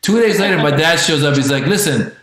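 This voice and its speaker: A man in his forties from Iran doing an animated, profane stand-up routine on a livestream, talking directly to his audience. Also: on the high side, fast talker. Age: 40s. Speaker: stand-up comedian. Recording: very echoey space.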